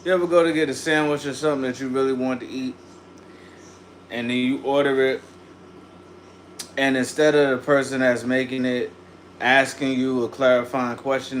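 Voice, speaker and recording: A man's voice: medium pitch, slight background noise. A man hosting a casual livestream, ranting and chatting in slang and greeting viewers by name. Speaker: livestream host.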